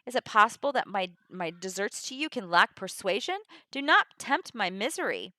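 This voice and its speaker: A woman's voice: mid-range voice, very animated, normal speed, bright, forceful tone, no echo. A woman reading the verse lines of a loyal, distraught male sea captain in a plain voice with little acting. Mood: pleading.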